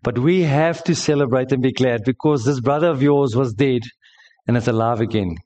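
Preacher, storytelling sermon. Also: male voice, medium pitch, moderate pace, darkish tone. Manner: storytelling, emphatic, joking with the congregation. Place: church service.

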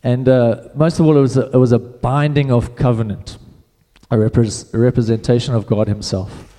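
Male pastor, relaxed and chatty delivery, mellow tone, church hall echo. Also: mid-range voice, normal speed. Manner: casual, conversational preaching with repeated restarts. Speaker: preacher. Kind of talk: sermon.

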